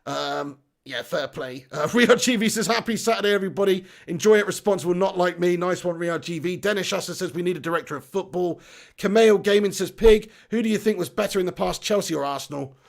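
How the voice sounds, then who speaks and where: A man's voice: high-pitched, fairly quick, gravelly. A man hosting a football live stream, reading out chat comments in a chatty way, laughing and swearing casually. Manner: chatty, laughs often, swears casually, says mate a lot.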